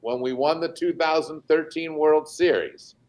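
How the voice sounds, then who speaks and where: With a slightly high voice, a man who is a team president recounts anecdotes animatedly during a remote-call interview, stopping often to use fillers.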